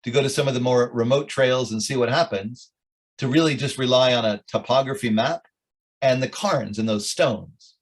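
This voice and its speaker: A man's voice: medium pitch, moderate pace. A middle-aged rabbi telling stories with jokes and asides to his audience at a club meeting. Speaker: rabbi, guest speaker. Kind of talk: informal talk at a club meeting.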